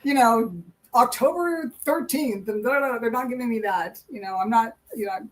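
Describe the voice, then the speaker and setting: A woman's voice: a little high, fairly quick, low-quality recording. A woman giving a live tarot reading in casual, rambling chat, laughing often. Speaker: tarot reader and co-host.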